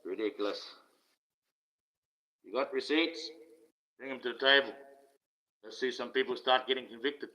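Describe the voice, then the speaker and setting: A man's voice: mid-range voice, moderate pace, pauses often, pushed and bright. An older man with an Australian accent, ranting casually and bitterly, swearing often and laughing wryly. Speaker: online streamer. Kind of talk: casual rant. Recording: slightly dull lo-fi audio.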